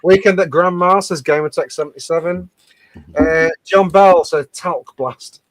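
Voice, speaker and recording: A man's voice: fairly high pitch, measured pace, dry recording. Chatty man reading out comments. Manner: chatty, laughs often, reads comments aloud. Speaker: co-host reading out viewer captions. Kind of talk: casual live-stream banter.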